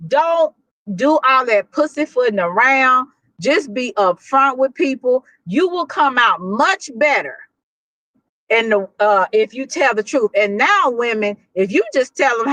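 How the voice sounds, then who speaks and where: A woman's voice: fairly high pitch, a bit bright, no echo, low-quality recording. A woman with a Texan accent hosting a livestream, giving blunt, preachy relationship advice with lots of restarts. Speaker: livestream host. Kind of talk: casual livestream talk.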